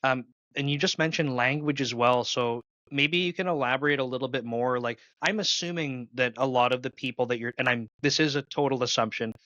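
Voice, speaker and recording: A man's voice: mid-range voice, a little fast, few pauses, sharp tone, no room sound. A man from Canada with a Canadian accent, hosting an interview in an easygoing way and thinking aloud with restarts. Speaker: podcast host. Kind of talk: casual interview conversation. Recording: muffled, dry lo-fi mic.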